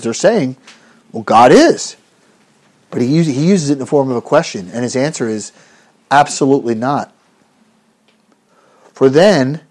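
A man's voice: mid-range voice, a little mellow. A man preaching an expository sermon in an earnest, emphatic way, rising on rhetorical questions and often restarting his phrases.

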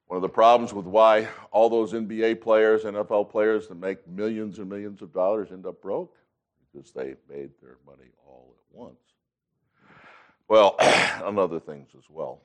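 A man in his sixties teaching a Bible class, emphatic, reading scripture aloud and often clearing his throat. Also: fairly low pitch, lo-fi sound.

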